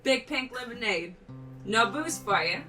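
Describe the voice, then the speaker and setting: A woman voicing a relaxed, friendly female bartender in a tavern. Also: fairly high pitch, measured pace, voice pushed up. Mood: breezy. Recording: distant mic with background music.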